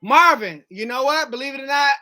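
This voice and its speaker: A woman's voice: high-pitched, expressive, brisk, bright, forceful tone. Blunt, foul-mouthed woman hosting a talk show. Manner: blunt, emphatic, swears freely. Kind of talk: profane casual chat.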